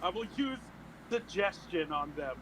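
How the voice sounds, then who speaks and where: A man playing a tabletop game, voicing his character with sudden loud high shouts. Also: animated, measured pace, a little hiss or hum, rough recording. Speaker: player.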